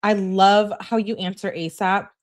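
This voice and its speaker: A woman's voice: medium pitch, fairly even intonation, a little slow, a little mellow. A woman hosting a true crime channel, reading text messages aloud and adding emphatic, exasperated asides.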